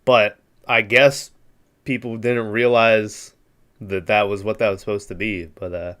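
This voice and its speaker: A man's voice: fairly low pitch, level tone, measured pace, a bit bright, clean tone. A man co-hosting a casual movie podcast, recapping scenes in a laid-back, profane way and laughing often. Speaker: podcast co-host.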